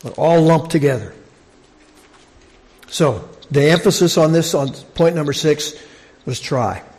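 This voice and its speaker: A man preaching a sermon in a conversational, halting way, often restarting his sentences. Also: on the high side, animated, darkish tone. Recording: long reverb of a large hall.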